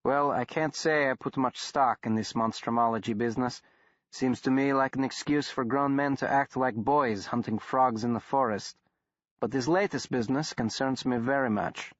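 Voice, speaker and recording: Gruff Danish-accented newsman in his middle years, blunt and growling; male reader voicing him, dull dry audiobook sound. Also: mid-range voice, moderate pace, dry recording, lightly acted. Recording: dull, dry studio recording.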